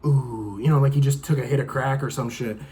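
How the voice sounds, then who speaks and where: A man's voice: mid-range voice, level tone, quick pace, a little mellow, slight background noise. A young man giving a casual, profane, rambling movie review, exasperated and acting out lines from the film. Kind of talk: casual rant-style review.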